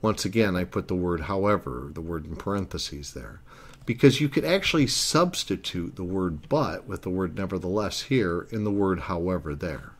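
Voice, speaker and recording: A man's voice: low-pitched, expressive, moderate pace. A man narrating a language lesson, explaining grammar earnestly and step by step. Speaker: Italian language teacher.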